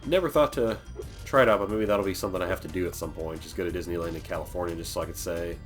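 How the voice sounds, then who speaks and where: A young man from Florida casually commentates a video game as a let's play host, rambling, joking, and going off on tangents. He has a deep voice and talks very fast, with game music playing in the background.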